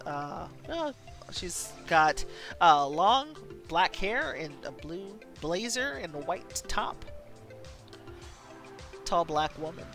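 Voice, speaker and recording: Woman streamer, animated game narration, bright tone. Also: low voice. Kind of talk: reading a story game aloud.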